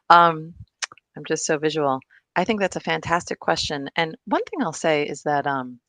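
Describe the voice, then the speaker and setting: A woman's voice: low-pitched, a bit bright, no room sound. Chatty woman presenter on a video call. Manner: enthusiastic, chatty, laughs often. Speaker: guest presenter. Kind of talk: casual discussion on a video call.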